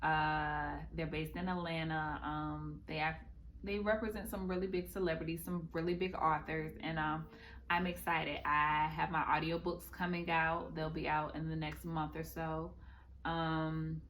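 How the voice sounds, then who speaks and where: A young woman guest chats in an easy, upbeat way, pausing on ums as she gathers her thoughts. Her voice sits a little lower than most women's. It is an unscripted interview conversation. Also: flat delivery, a bit bright, slight background noise. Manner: upbeat, hesitant with frequent ums. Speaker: guest author. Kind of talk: casual interview chat.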